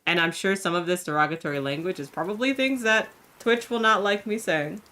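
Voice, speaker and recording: A woman's voice: on the low side, brisk, pushed and bright. A woman streamer chatting casually and upbeat with viewers about a game demo.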